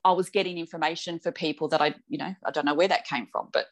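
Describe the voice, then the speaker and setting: Chatty woman, lowish voice. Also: steady tone, fast. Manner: chatty storyteller, acts out quoted dialogue. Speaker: clairvoyant medium guest. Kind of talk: casual podcast interview.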